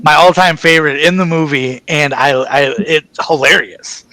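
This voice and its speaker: A man guest chatting in an interview, telling stories in an excited, rambling way and acting out the back-and-forth of conversations. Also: on the high side, moderate pace, no echo, rough recording. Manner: excited, rambling storyteller, acts out quoted exchanges. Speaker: actor guest. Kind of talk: casual interview chat.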